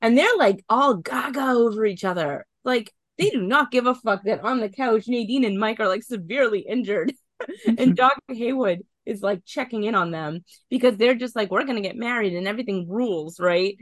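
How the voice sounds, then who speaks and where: Animated, laughing woman podcaster. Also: a little high, normal speed, no echo. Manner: animated, swears freely, laughs often. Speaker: podcast co-host. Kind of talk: casual chat.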